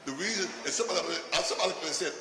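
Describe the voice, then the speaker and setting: An older man doing stand-up comedy with a provocative, punchy delivery that breaks into shouts. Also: high voice, lively intonation, very fast. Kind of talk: stand-up routine. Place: live comedy stage. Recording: echoey live venue from a distance with noise.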